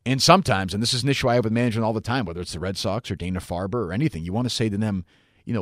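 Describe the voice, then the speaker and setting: A man's voice: very fast, dry recording, studio quality. A man hosting a podcast in a casual, rambling monologue, swearing freely as he answers listener mail. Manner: rambling and profane, with frequent fillers and wide swings in pitch. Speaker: podcast host.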